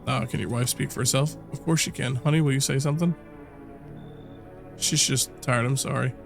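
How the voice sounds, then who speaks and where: A man reading the lines of a polite, evasive traveler begging for shelter, soft-spoken and pleading. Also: medium pitch, steady tone, normal speed, gravelly, faint music behind, lightly acted. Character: polite male traveler, wife in tow, evasive.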